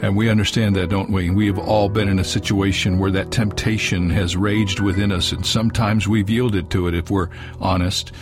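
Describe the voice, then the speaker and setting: A man hosting a radio program, talking in a relaxed, conversational way with an occasional filler as he closes the show. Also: low-pitched, normal speed. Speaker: radio host. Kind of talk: radio program closing announcement. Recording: dry studio voice over soft music.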